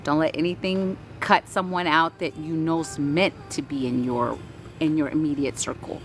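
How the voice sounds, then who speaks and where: A woman's voice: sits low, fairly even intonation, moderate pace, faint music behind. A woman hosting a casual spiritual livestream, reading chat aloud, greeting viewers by name and urging them on with repeated "right?" and casual swearing.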